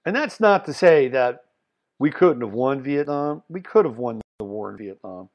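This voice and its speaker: A man holds forth in a solo podcast of political commentary. His voice sits at an ordinary mid pitch, and he talks bluntly. He punches some points loudly and trails off quietly on others. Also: moderate pace, dull audio. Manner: animated, blunt, swings between loud emphasis and muttered asides. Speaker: podcast host.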